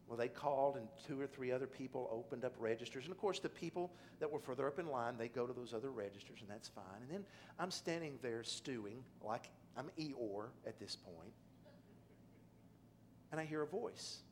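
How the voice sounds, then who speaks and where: A middle-aged man preaching a sermon, telling a personal story that drops quiet and low, then rises to loud, emphatic pleading. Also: very animated, unhurried, pauses often, a little hiss or hum. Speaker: pastor.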